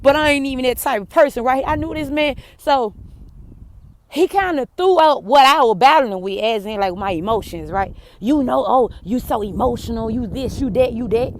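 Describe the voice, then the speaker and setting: A woman telling a personal story to her viewers, blunt and cursing, swinging between heated outbursts and hushed apologies. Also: sits high. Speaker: vlogger. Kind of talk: emotional personal storytelling to camera.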